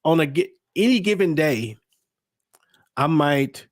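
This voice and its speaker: A man's voice: a little high, expressive, slow, no echo, studio quality. A man on a podcast who talks in a hesitant, thoughtful way and searches for his words. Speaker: podcast co-host. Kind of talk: casual conversation.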